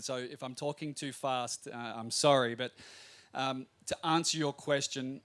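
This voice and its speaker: A middle-aged man with an Australian accent, a coach talking as the guest on a live talk show, telling lively anecdotes and speaking quickly by habit. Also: mid-range voice.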